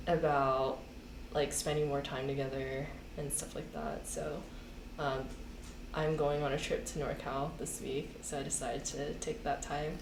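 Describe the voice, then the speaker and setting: A young woman co-hosting a podcast, chatting casually with many fillers and retelling what friends said. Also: low voice. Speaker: podcast co-host. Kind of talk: casual chat. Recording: echoey room, faint noise.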